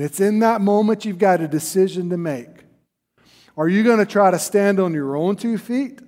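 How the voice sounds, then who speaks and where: A man preaches a sermon in an earnest, emphatic way, driving points home by repeating them. His voice sits high for a man. Long reverb from a large hall trails behind each phrase. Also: moderate pace, a little mellow. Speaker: pastor.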